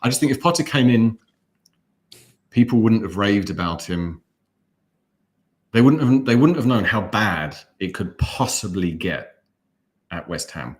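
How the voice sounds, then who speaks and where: A man with an English accent and a low voice talks through a match as co-host of a fan watch-along. He enunciates every word carefully, drifts between tangents and slips in dry jokes. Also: animated, unhurried, long pauses. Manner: well-enunciated, wry, rambling.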